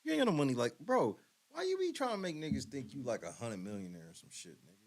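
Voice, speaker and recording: A man's voice: medium pitch, huge pitch swings, quick pace. A man hosting a podcast, reacting to a clip with blunt, profane, mocking commentary. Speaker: podcast host. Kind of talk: casual commentary.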